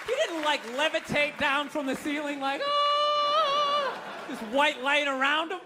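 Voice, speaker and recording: A man's voice: extremely high pitch, sharp tone, slight background noise. A man doing stand-up comedy, ranting in a profane, incredulous way. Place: stage before a live audience.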